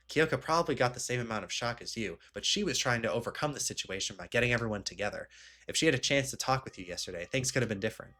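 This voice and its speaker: A man's voice: mid-range voice, pushed and bright. A man voicing a level-headed young student who reasons steadily through an accusation.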